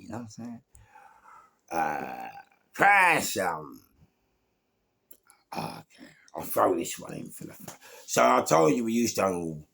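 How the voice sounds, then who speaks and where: A gravelly, husky man with a London accent spins a rough street anecdote to camera. His pitch leaps up and down as he tells it, and he swears freely and hammers his points home with a streetwise edge. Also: fairly bright tone. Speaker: storyteller. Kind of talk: casual anecdote told to camera.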